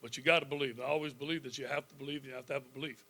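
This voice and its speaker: A man's voice: medium pitch, racing. A man in his fifties, a football coach, telling folksy stories in a speech to a club audience, chuckling often. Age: 50s. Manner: folksy, animated storytelling with frequent chuckles.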